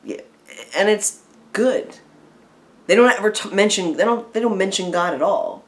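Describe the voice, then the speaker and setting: A woman talks through a film she has just watched, piling on fillers as she rambles. It sounds like a relaxed review chat between friends, and her pitch sits in a middle range. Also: moderate pace. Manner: rambling, animated retelling with many fillers. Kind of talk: casual chat.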